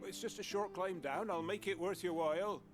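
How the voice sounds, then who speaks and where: A man's voice: high-pitched, normal speed, over music, lightly acted. An actor playing a sheepish fisherman villager in a video game, wheedling and rambling. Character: sheepish middle-aged male fisherman villager.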